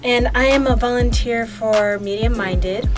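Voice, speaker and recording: A woman from California, a program volunteer, talking calmly and in a measured way about her experience. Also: fairly high pitch, music in the background. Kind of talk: casual interview.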